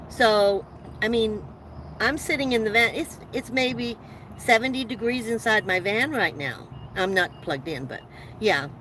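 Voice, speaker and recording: A woman's voice: medium pitch, a bit bright, slight background noise, poor audio. A woman hosting a casual live chat from inside her van, telling rambling stories with many restarts. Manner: chatty, rambling storytelling with frequent restarts and laughs. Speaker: livestream host.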